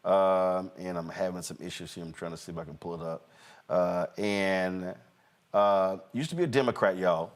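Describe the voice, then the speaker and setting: Animated talk-show host, mocking tone. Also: male voice, low voice. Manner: animated, mocking, halting with restarts. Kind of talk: political talk show commentary.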